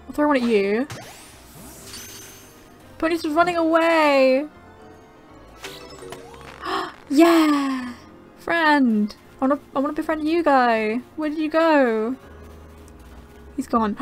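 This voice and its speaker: A young woman giving casual, excitable gameplay commentary, gasping and chattering to the creatures on screen. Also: sits high, unhurried, long pauses, faint music behind. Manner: bubbly, gasping, easily excited. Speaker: gaming channel host.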